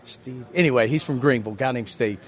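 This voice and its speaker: A man's voice: medium pitch, fast. A man with a Southern US accent, a magician chatting in an interview, rambling and self-deprecating as he tells folksy stories. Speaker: magician guest. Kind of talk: casual interview chat.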